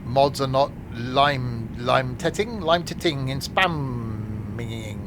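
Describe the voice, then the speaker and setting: At a slow pace and in a mid-range voice, a man streams a train simulator live, joking with his chat, answering viewers and laughing often. A steady noise runs underneath his voice.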